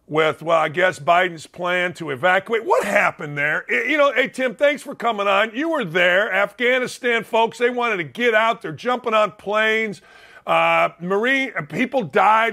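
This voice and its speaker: A man's voice: high voice, sharp tone. A middle-aged man from Indiana hosting a sports talk show, blunt and fired up, repeating phrases for emphasis. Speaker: sports radio host. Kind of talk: opinionated talk show monologue.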